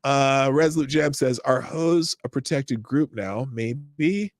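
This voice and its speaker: Reading news stories and chat messages with sarcasm, this middle-aged live-stream host periodically erupts into yelling tirades. He speaks slowly in a mid-range voice. The audio is studio quality, with no room sound.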